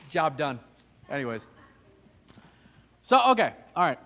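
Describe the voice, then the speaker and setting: A man whose voice sits on the high side teaches a relaxed Sunday Bible class in a church classroom, sounding very animated and sharp while speaking a little slowly. He cracks jokes, engages the group, and asks them questions.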